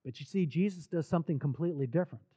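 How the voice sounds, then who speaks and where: A man preaching a sermon, retelling scripture stories earnestly with repeated words and dramatic pauses. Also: fairly high pitch, warm tone, breathy edge. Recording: dull lo-fi recording.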